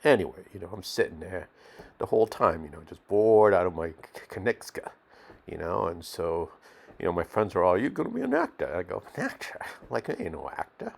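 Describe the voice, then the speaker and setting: A streetwise, cigar-smoking man, played by a male actor, grumbles through a mock documentary interview in loose slang full of fillers. His voice is low and gravelly. His pitch jumps up and down a lot as he talks. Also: big pitch swings, fairly quick, full character voice. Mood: grumbling.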